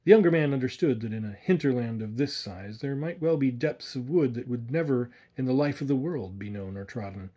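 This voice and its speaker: A man narrating a spooky tale in a measured, atmospheric way. His voice is dark and mellow with a husky grain. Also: mid-range voice, lively intonation. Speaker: audiobook narrator. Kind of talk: scripted narration.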